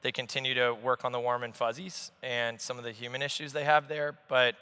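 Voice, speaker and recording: A man in his forties talks in an animated, blunt way at a conference, swearing freely. His voice is bright and forceful. The sound carries a long reverb from a large hall. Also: medium pitch, fairly quick, smooth. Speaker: investor guest. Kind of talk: on-stage conversation.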